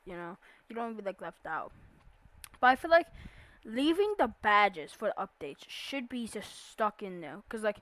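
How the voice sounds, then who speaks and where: A woman's voice: medium pitch, fairly bright tone. A young woman giving a casual voice-over about a video game, rambling with lots of fillers and restarts. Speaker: YouTuber explaining a game iceberg.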